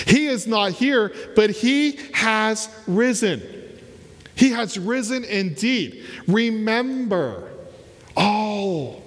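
A man's voice: high voice, big-room sound. A man preaching a sermon as pastor in a church, repeating key words and asking rhetorical questions.

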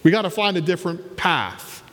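A man's voice: high-pitched, very animated, normal speed, fairly bright tone, big-room sound. A man preaching a sermon as pastor in a church, repeating key words and asking rhetorical questions.

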